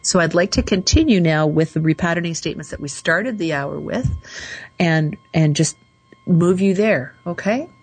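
A woman hosting a call-in radio show, slowly and soothingly guiding listeners through affirmations. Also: on the low side, slightly rough, rough recording. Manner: slow, soothing, guides affirmations. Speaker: radio show host and coach.

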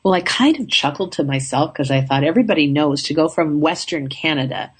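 A woman casually telling a travel story in an upbeat, chatty way, her throat a little rough. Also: sits low, lively intonation, fairly quick.

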